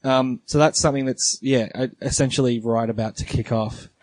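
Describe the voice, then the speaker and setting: A man's voice: medium pitch, steady tone, moderate pace, no echo. Aussie guy podcasting, lots of ums and restarts, dead dry sound. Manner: hesitant, many fillers and restarts. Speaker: podcast co-host. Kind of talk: casual podcast chat.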